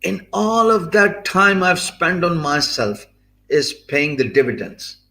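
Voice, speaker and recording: A man's voice: on the high side, sing-song, slow, sharp tone, roomy sound. A man from Pakistan with a Pakistani English accent, giving an earnest motivational talk about freelancing, with many fillers and restarts.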